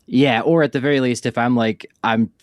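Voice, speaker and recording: A man's voice: mid-range voice, steady tone, fairly quick, clear, resonant tone, no echo, clean studio sound. A man hosting a podcast, talking in a loose, rambling way full of fillers and restarts. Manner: rambling, filler-heavy, self-correcting. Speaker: podcast host. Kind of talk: casual conversational interview.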